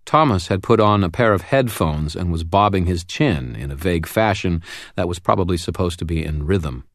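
Deep-voiced male audiobook narrator. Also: lively intonation, normal speed, no echo, studio quality. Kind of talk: first-person audiobook narration.

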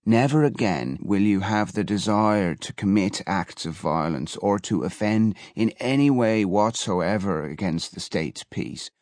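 A man's voice: lowish voice, expressive, measured pace, few pauses, darkish tone, dry recording, clean studio sound. A man voicing an earnest, self-serving male prison chaplain with a pompous manner.

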